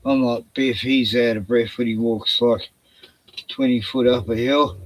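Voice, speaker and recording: A man's voice: mid-range voice, fairly even intonation, measured pace, no room sound. An older man with an Australian accent hosting a casual late-night livestream, out of breath, sighing and swearing as he rambles. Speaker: livestream host.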